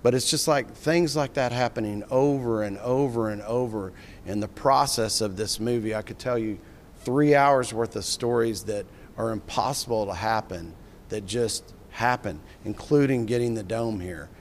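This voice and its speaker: An excited, rambling middle-aged man telling a story. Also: lowish voice, moderate pace, slight background noise. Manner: enthusiastic, rambling, with repeated restarts. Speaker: filmmaker. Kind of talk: animated storytelling in an interview.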